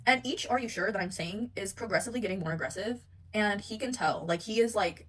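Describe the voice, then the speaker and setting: A woman's voice: mid-range voice, a little fast, husky. Young woman, casual storytime vlog, rambling and profane, mid-range voice, acts out the dialogue herself. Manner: rambling, profane, animated retelling with many fillers; acts out both sides of the argument in quoted voices.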